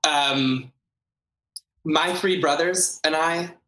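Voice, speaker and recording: A man's voice: a little high, fairly even intonation, very slow, bright, forceful tone. A man being interviewed as a guest expert, explaining his ideas earnestly and repeating words for emphasis. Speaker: guest, ritual designer. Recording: roomy echo.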